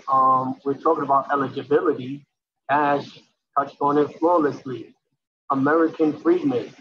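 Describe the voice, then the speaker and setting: A hoarse man from New York City giving an impassioned public comment at a town meeting, repeating words for emphasis. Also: medium pitch, highs cut off, slight background noise. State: hoarse, lost his voice.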